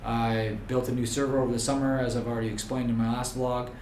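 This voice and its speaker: A man's voice: mid-range voice, flat delivery, quick pace, darkish tone, slight background noise. A man talking casually to the camera as a vlogger and videographer, easygoing, rambling and joking as he goes. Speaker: vlogger and videographer business owner. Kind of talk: casual vlog talk to camera. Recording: roomy with faint background ambience.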